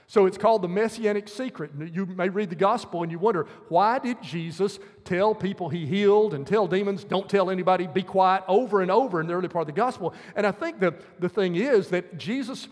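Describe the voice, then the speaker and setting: A man's voice: high voice, fairly quick, few pauses, darkish tone, big-room sound. A male preacher giving a sermon, earnestly explaining scripture verse by verse.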